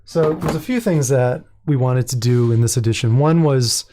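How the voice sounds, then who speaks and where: A man's voice: medium pitch, normal speed, background noise. A man who runs his own publishing company, chatting casually and with amusement as he hosts a livestream. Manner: chatty, self-amused, thinks aloud. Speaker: independent publisher and host. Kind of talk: casual livestream product launch.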